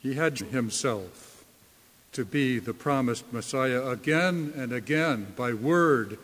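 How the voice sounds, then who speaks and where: A man preaching a sermon in a slow, deliberate way, leaning hard on key words. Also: medium pitch, fairly bright tone. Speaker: pastor. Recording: long reverb of a hall.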